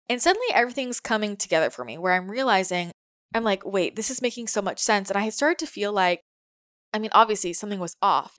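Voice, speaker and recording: A young woman telling a personal story casually, animated and full of fillers, often laughing and acting out her own reactions. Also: mid-range voice, dry recording, studio quality. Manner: breathless, animated, filler-heavy retelling, frequent laughs. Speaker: vlogger.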